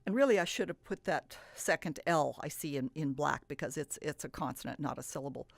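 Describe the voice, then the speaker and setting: A woman's voice: low voice, fairly quick, creaky, no echo, clean studio sound. A woman teaching reading, who explains patiently and stretches out words to model the sounds. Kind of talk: instructional talk.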